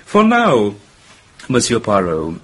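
A flippant young English gentleman. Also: lowish voice, wildly swooping pitch, slow, slightly rough, exaggerated voice. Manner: breezy, theatrical, mocking. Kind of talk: radio drama acting.

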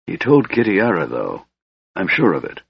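A man's voice: low voice, wildly swooping pitch, normal speed, vocal fry, husky, dry recording, exaggerated voice. A man doing a sardonic young mage's hissing whisper. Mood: bitter, musing. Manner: cold, brooding, bitter. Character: frail sardonic young male mage. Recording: dull lo-fi recording.

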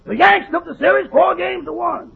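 A gravelly, high-voiced wisecracking valet. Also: male voice, normal speed, heavily acted. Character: wisecracking male valet tending his sick boss. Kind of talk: 1940s radio comedy acting. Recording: dull, noisy old radio broadcast.

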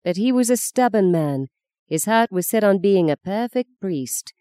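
Blunt, ironic old mother voiced by a woman narrator, knowing and pointed; dark, dry tone. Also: mid-range voice, expressive, normal speed, clean tone, dry recording, voice pushed up, close to an everyday voice. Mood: scornful. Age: older.

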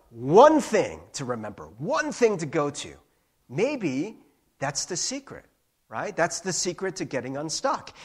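A man preaching a sermon in an animated, playful way. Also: a little high, husky. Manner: animated and playful, with laughs and sung bits. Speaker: pastor.

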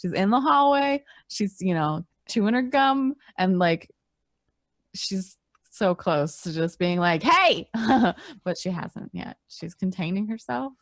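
A woman's voice: medium pitch, a little slow, dry recording, clean studio sound. A woman playing in a tabletop game, describing her character in a chatty, filler-heavy way. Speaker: player. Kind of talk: casual tabletop game chat.

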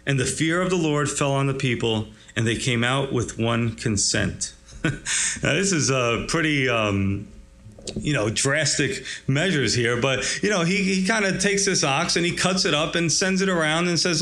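Guy preaching a bible sermon, kinda high voice, chatty, acts out the lines. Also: lively intonation, normal speed, pushed and bright. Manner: conversational, acts out quotes, chuckles. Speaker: pastor. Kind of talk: expository sermon.

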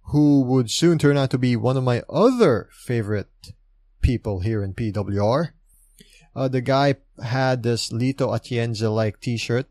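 A man hosts a relaxed spoken recap in the manner of a chatty, enthusiastic fan. He talks slowly and loosely, piling on asides and fillers. His voice sits dry and close, with little room sound around it. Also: medium pitch, no room sound. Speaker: podcast host recapping wrestling shows. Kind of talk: casual monologue recap.

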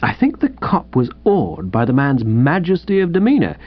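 A man narrates a comic first-person tale, playful and animated, his pitch bouncing all over. The recording sounds dull and lo-fi. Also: normal speed. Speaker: audiobook reader.

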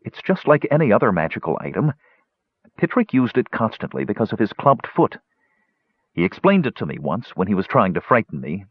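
A man voicing an earnest, quick young female character in an audiobook, urgent and questioning. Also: lowish voice, big pitch swings, breathy edge, no room sound. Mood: matter-of-fact. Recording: dull, dry lo-fi recording.

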